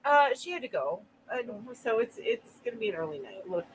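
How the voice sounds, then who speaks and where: A woman's voice: a little high, very animated, a little fast, a little hiss or hum. A woman hosting a live stream, chatting casually and reading out viewer comments, rambling and laughing easily.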